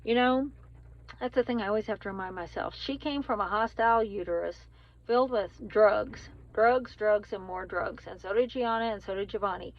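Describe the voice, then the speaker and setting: A woman's voice: medium pitch, normal speed. A woman in her forties, from Texas, talking candidly to her phone camera while driving, rambling with plenty of ums. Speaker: family vlogger. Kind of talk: casual vlog chat. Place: in a car, driving in rain. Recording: slightly dull lo-fi phone audio.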